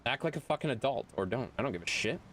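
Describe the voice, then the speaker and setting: A man's voice: medium pitch, lively intonation, fast talker, a bit bright, a little hiss or hum. A young man streaming a game, ranting bluntly and profanely to his chat. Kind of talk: casual live-stream chat while gaming.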